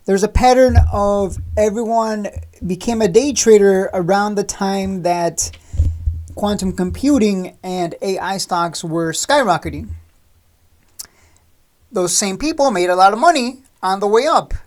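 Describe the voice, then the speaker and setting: A woman's voice: medium pitch, a little slow, darkish tone. Blunt scolding woman trading host. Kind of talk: blunt stock trading rant to camera.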